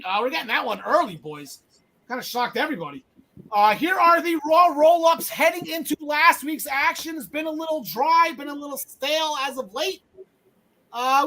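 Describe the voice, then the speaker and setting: A man hosting a wrestling podcast, chatting casually with jokes, rambling and swinging between loud bursts and mumbled asides. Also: very high voice. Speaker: podcast host.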